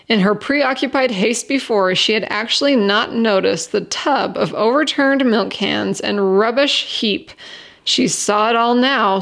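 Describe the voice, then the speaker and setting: A woman reading a short story aloud as storyteller, in a steady, expressive voice. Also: medium pitch, vocal fry.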